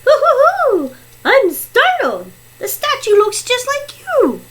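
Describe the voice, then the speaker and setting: A woman playing an impatient game show contestant who bursts out in shrill whoops and cannot wait for a turn. The voice sits very high and swoops wildly as it blurts its guesses. It is a classroom reader's theatre part. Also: very animated, measured pace, bright, forceful tone, heavily acted. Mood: excited.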